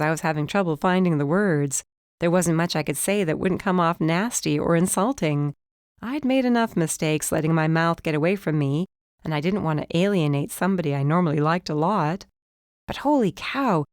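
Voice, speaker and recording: A woman giving first-person audiobook narration, lively and rising in pitch when the dialogue turns heated. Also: dry recording, clean studio sound.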